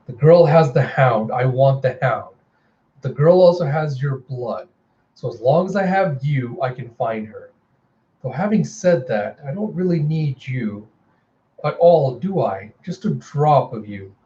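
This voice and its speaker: A man voicing a commanding ancient vampire matriarch in a comic readthrough, speaking slowly with menacing, mock-tender care. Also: medium pitch, lively intonation, dark tone, lo-fi sound, lightly acted.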